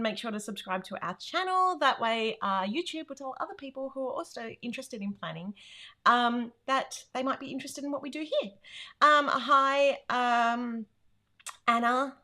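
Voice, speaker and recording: An Australian woman hosts a relaxed livestream from a room at home, chatting, laughing often, and greeting viewers by name. Her high voice is pushed and bright, at a normal speed.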